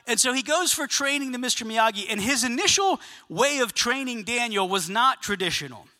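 A man preaching a sermon to his congregation, telling a story with lively asides and questions to the listeners. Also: extremely high pitch, a little fast. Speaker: pastor. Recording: long reverb of a large hall.

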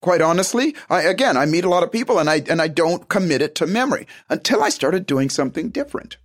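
A man giving a motivational self-help talk, emphatic and animated, acting out little conversations as he goes. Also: on the high side, quick pace.

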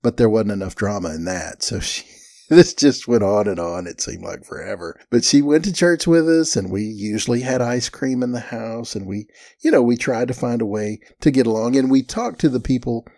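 A man's voice: medium pitch, normal speed, dark tone, no echo, studio quality. A man telling a family story in a folksy, self-deprecating way. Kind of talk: casual storytelling.

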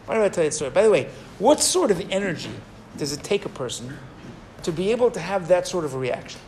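A man teaching a Torah class, telling a story in an animated, digressive way and acting out the people in it. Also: high-pitched, fast, a little hiss or hum. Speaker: rabbi teaching.

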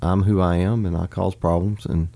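A man's voice: sits low, fairly even intonation, normal speed, vocal fry. A man talking casually as a pastor, laughing often and easily moved. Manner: warm, laughs often, gets choked up. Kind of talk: casual chat.

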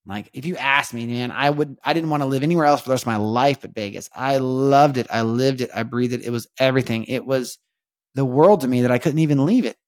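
Rambling, halting man on a podcast. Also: medium pitch, no echo, clean studio sound. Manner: rambling, halting, repeats words, keeps asking "you know what I mean"; earnest, faith-minded reflection. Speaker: podcast host. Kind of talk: casual confessional monologue.

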